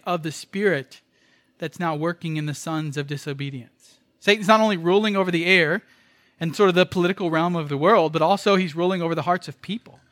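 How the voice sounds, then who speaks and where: High-voiced pastor preaching. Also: male voice, fairly bright tone, dry recording. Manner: emphatic preaching with repetitions and rhetorical questions. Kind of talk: sermon.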